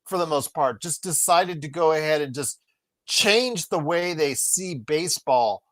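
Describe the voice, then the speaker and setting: A woman co-hosting a casual sports podcast, talking in an animated, exasperated, rambling way. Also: low voice, measured pace. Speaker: podcast co-host.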